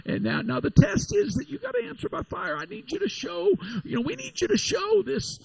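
A man's voice: very animated, brisk, creaky, background noise, exaggerated voice. A man voicing a group of frantic pagan prophets who plead with their idol and mock their rival. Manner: high, pleading, mocking.

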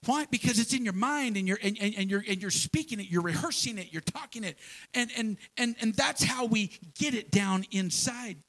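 A man preaching a sermon in a church, folksy and animated, with homespun examples and repeated phrases. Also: sits high, normal speed, low-quality recording. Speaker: pastor.

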